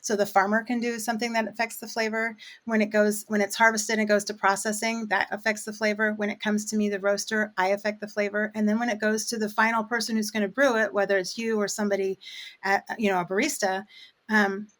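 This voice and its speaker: A woman's voice: mid-range voice, flat delivery, fast talker, fairly bright tone. A woman who roasts coffee, chatting casually in an interview and explaining things with plenty of fillers.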